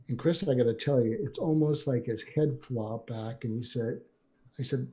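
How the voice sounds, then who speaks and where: An older man, a psychiatrist guest in a conversational interview, telling animated stories and acting out quoted dialogue. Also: mid-range voice, moderate pace.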